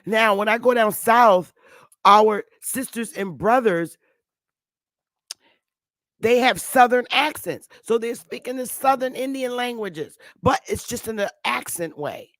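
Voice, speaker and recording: A woman's voice: a little high, animated, a little slow, dry recording. A woman in her fifties giving a casual, rambling monologue to her viewers, repeating herself and calling them sweetheart and love. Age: 50s. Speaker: channel host. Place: Connecticut.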